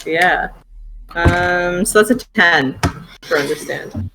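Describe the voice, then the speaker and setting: A tabletop game player at mid pitch who answers with short, agreeable in-character lines. A faint hum of background noise sits under the voice. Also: takes it slowly.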